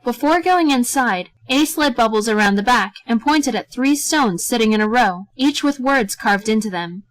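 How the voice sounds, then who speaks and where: A woman reading a story aloud as narrator in a steady, gentle way. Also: fairly high pitch, moderate pace, no echo, low-quality recording.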